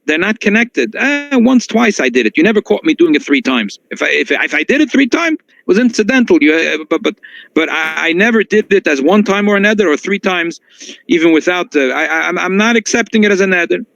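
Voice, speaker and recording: A man's voice: brisk, creaky, no echo. A man teaching a halacha class as a rabbi. He reads source texts aloud, explains them, and restarts his sentences often. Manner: animated, jumps high in pitch for emphasis, frequent restarts. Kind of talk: text-based Torah lesson, reading and explaining. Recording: dull lo-fi dry recording.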